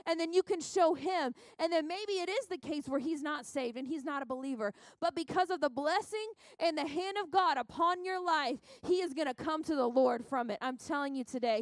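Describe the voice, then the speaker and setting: A woman's voice: high-pitched, normal speed, few pauses, dry recording. A young woman pastor preaching at a women's conference, fervent and exhorting, with lots of repetition. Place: church sanctuary.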